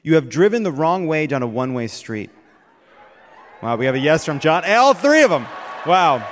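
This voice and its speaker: Playful guy hosting a comedy game, laughs a lot, kinda high voice, echoey hall. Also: big pitch swings, a bit bright, slight background noise. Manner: playful, laughing, quick asides. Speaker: host. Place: theater stage with audience.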